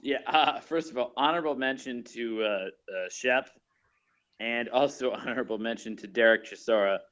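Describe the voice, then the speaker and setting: A man's voice: mid-range voice, moderate pace, fairly bright tone. A man chatting on a boxing podcast panel, searching for words with lots of ums and uhs. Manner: hesitant, searches for words with many fillers. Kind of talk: casual podcast chat.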